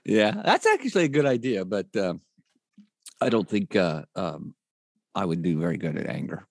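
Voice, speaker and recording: A husky-voiced man chatting on a podcast, laughing a lot and joking at his own expense. His pitch rises and falls freely. The recording is close and dry. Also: sing-song, moderate pace, no room sound. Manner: self-deprecating, laughs a lot. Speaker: podcast guest, actor. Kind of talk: casual chat.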